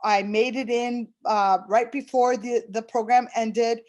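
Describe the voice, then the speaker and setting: A woman's voice: a little high, level tone, unhurried, darkish tone, muffled recording. A middle-aged woman giving an earnest personal testimonial, retelling conversations with fillers and restarts. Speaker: program client giving a testimonial.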